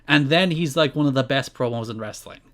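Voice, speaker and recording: A man's voice: mid-range voice, a little fast, a bit bright. A man co-hosting a podcast, chatting casually with dry, mocking commentary and frequent laughs. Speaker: podcast co-host.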